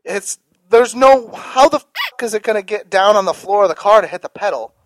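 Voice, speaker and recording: A man's voice: high-pitched, animated, brisk, dry recording, rough recording. A man co-hosting a casual podcast chat, opinionated and profane, laughing often.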